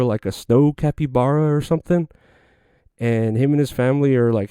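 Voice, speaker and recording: A man's voice: medium pitch, dark tone, clear, resonant tone, dry recording, studio quality. A young man hosting a podcast on his own, telling stories in a loose, profane way with lots of fillers. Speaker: podcast host. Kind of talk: casual solo podcast monologue.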